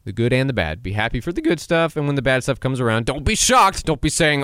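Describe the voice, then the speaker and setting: Animated young man giving podcast advice. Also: mid-range voice, quick pace, no echo, studio quality. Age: 20s. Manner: animated, pep-talk advice with laughs and acted-out quotes. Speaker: podcast host. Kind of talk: casual solo podcast monologue.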